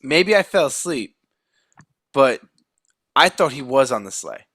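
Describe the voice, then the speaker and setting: A man's voice: mid-range voice, sing-song, unhurried, fairly bright tone, no room sound, clean studio sound. A man co-hosting a podcast, chatting casually and asking incredulous questions about a movie. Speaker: podcast co-host. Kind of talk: casual chat.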